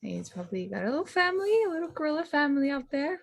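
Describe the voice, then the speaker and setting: A woman's voice: high-pitched, big pitch swings, racing, vocal fry, slight background noise. A woman playing a tabletop game, chatting playfully and giggling often. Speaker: player. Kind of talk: casual in-character role-play.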